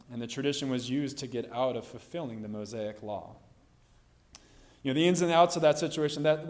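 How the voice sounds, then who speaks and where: A man's voice: mid-range voice, darkish tone. A man preaching a sermon, explaining a scripture passage in an earnest way, with many "you know" fillers.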